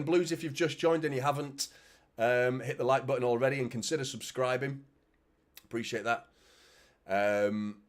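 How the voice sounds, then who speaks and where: A man with a Manchester accent hosting a live football watchalong, chatting casually, swearing and reading out viewer comments. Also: mid-range voice. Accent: Mancunian. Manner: chatty, swears, reads out comments, frequent "mate" and "do you know what I mean". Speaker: fan channel host.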